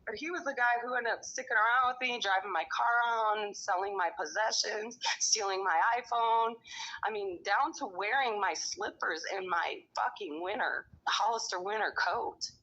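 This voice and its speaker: A woman's voice: mid-range voice, moderate pace, sharp tone. A middle-aged woman telling a rambling, angry story in casual conversation, cursing often. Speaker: storyteller recounting her own experiences. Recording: dull lo-fi recording.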